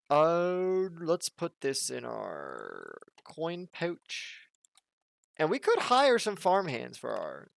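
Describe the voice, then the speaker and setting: A man's voice: mid-range voice, gravelly, fairly bright tone, no room sound. A man from the southern United States casually commenting on his gameplay, chatty and jokey as he thinks aloud. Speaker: let's play host.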